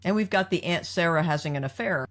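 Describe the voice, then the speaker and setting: With a fairly low pitch, fast delivery and a fairly bright tone, this podcast host talks through episodes casually but analytically. She steers the discussion by posing questions to her co-host.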